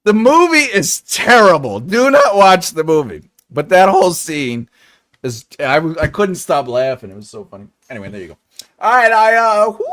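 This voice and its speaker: A man's voice: fairly high pitch, a bit bright. A man hosting a writing livestream, chatting casually, laughing often and acting out silly voices when retelling scenes. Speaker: writing channel host.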